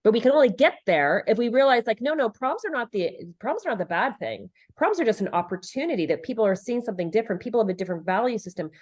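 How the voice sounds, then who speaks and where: Rapid-fire and very animated, her high-leaning voice barely pauses. She is a middle-aged leadership and relationship expert, an earnest, emphatic podcast guest in a conversational interview who repeats phrases for emphasis and acts out quotes.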